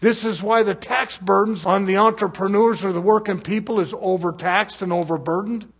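Husky high-voiced male preacher. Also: fairly even intonation, moderate pace. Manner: emphatic, swings between loud and soft, rhetorical questions to the congregation. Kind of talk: sermon.

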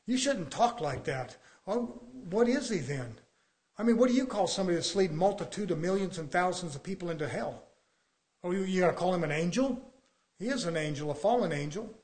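A middle-aged man preaching an impassioned sermon, firing off rhetorical questions and breaking into sudden loud bursts. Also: sits high, lively intonation, fairly quick. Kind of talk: fiery sermon.

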